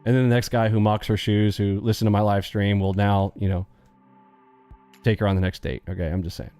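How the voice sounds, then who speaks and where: Joking live-stream host, male, mellow dark voice, faint music behind. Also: on the low side, smooth. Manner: joking, animated, acts out quick bits of dialogue. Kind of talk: casual live-stream chat.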